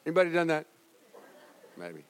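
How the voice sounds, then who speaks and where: A male pastor preaching a sermon, moving between loud exhortation and quiet, heavy passages. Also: fairly high pitch, very animated, normal speed, clear, resonant tone, big-room sound. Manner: swings from loud exhortation to hushed grief.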